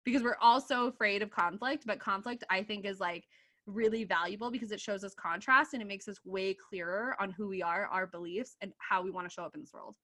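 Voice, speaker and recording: A woman in her twenties from Canada, a coach and author talking as a podcast guest, animated, laughing often and swearing freely as she acts out her own quotes. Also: mid-range voice, a little fast. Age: 20s. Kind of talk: casual podcast interview.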